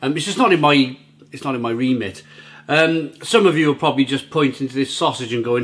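A man reviewing food for his vlog from home, chatty and rambling. His pitch sits in an ordinary middle range. He keeps stumbling over and repeating his words as he goes. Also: fairly quick, fairly bright tone. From Britain. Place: at home, near the grill.

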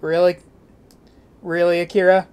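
A woman's voice: on the low side, flat delivery, a little slow, a little mellow, clean tone. A woman streamer giving casual gameplay commentary, joking around and swearing freely.

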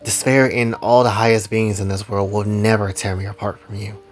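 A tender young husband, as a man reads him, soft-spoken and earnest, reassuring in a low, quiet voice. Faint music runs underneath. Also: flat delivery, normal speed, natural voice.

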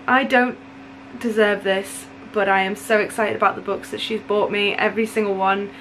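Young female book vlogger, middle pitch, excitable gushing chat, faint hiss behind. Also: rough recording. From United Kingdom. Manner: gushing and excitable, quick asides. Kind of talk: casual chat.

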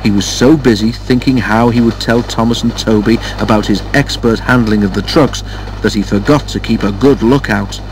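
A man narrating a children's railway story in a steady, measured storytelling voice. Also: fairly low pitch, background noise. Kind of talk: storybook reading.

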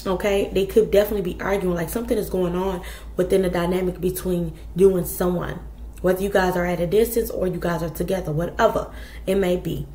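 A woman's voice: fairly low pitch, steady tone, fast talker, dark tone, reverberant, a little hiss or hum. A woman giving a casual tarot reading, talking bluntly and chattily to her viewers with plenty of profanity. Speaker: tarot reader.

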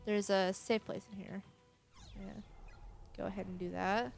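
A woman's voice: mid-range voice, little pitch movement, fairly quick, gravelly, faint music behind. A woman casually commenting on a horror game she is playing, reading its text aloud and swearing now and then. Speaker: let's play gamer.

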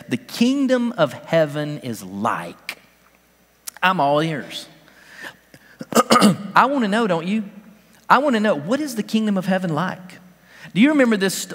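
A male pastor preaching a casual, conversational sermon, his voice jumping upward in emphatic bursts. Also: medium pitch. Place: church sanctuary. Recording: church hall reverb.

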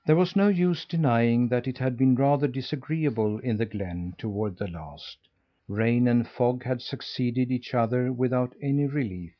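A man narrating a classic children's novel in a measured, steady reading. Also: medium pitch, highs cut off. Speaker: audiobook narrator. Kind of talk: scripted storybook narration.

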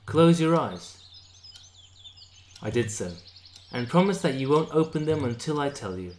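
A man reading a visual novel game aloud, playing every part himself in an animated way. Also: mid-range voice, a little fast, a little hiss or hum. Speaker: let's play narrator.

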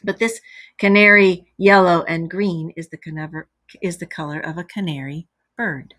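Teacher lady reading a story to kids, husky voice, explains words as she goes. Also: lowish voice, steady tone, moderate pace, a bit bright. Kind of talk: reading a story aloud to children.

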